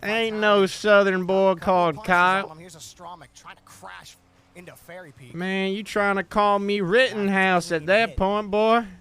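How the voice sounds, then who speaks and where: Male esports caster, quiet and distant. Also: sits high, fairly even intonation, unhurried. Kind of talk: play-by-play commentary. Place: played from a broadcast.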